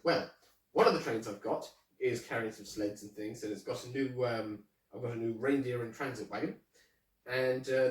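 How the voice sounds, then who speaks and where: A man's voice: medium pitch, echoey room, recorded from a distance, low-quality recording. A man presenting his model railway in a casual show-and-tell, chatty and hesitant, with many ums. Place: indoor room with a model railway layout.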